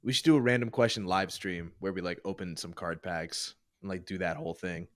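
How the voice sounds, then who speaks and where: A man's voice: sits low, steady tone, fairly quick, a bit bright, no echo, studio quality. A young man co-hosting a casual podcast, rambling and hedging as he talks. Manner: rambling, hedging with "like" and "I don't know". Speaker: podcast co-host. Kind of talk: casual chat.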